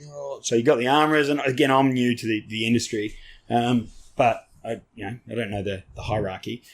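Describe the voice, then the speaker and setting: A man's voice: mid-range voice, steady tone, fairly quick. A middle-aged Australian man, a podcast guest and army veteran, telling stories in casual chat, swearing freely and acting out the people in them.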